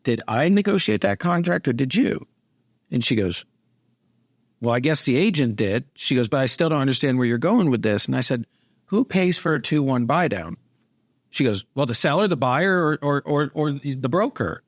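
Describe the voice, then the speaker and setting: A man of middling pitch hosts a relaxed podcast chat, telling stories of phone calls and playing both parts himself. His voice sounds close and dry, with no room around it. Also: normal speed, no echo. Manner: animated storyteller acting out both sides of calls. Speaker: host and mortgage business owner. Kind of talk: casual podcast interview.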